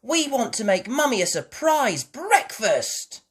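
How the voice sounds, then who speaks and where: A woman's voice: high-pitched, expressive, drawn-out words, voice pushed up, heavily acted. Squealing little piglet girl. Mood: excited. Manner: squealing, exclaims loudly. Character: excited little girl piglet, eager and bossy.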